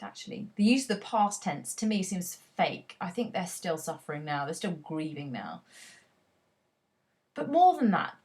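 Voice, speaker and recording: A woman teacher giving a poetry analysis lesson, talking expressively and reading quoted lines aloud with dramatic emphasis. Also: medium pitch.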